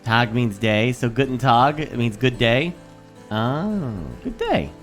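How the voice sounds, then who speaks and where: A man streaming a video game, chatting casually in a rambling, animated way. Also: medium pitch, slow pace, soft background music. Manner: rambling and animated, lots of fillers and restarts. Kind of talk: casual chat while playing a video game.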